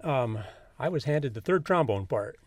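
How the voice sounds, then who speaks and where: A man's voice: medium pitch, expressive, moderate pace, a little mellow, no echo. A man who plays trombone in a community band, telling good-humored stories in a radio interview.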